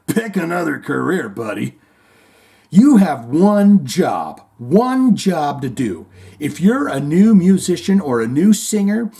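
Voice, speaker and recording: Animated, slightly high-voiced male host. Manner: animated, profane riffing between read news items. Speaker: podcast host. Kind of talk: comedic rock news commentary.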